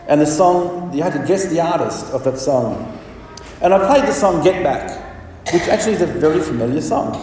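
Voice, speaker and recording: A man's voice: fairly high pitch, darkish tone, a little hiss or hum. A man preaching a sermon with emphatic delivery and rhetorical questions. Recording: echoey hall from far off.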